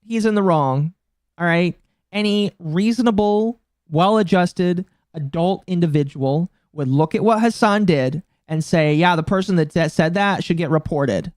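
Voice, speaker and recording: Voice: mid-range voice, measured pace, a little mellow, no echo, clean studio sound. A streamer in their mid-twenties giving casual live-stream commentary, talking bluntly and profanely with a mocking tone that climbs into indignant outbursts. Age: mid-20s.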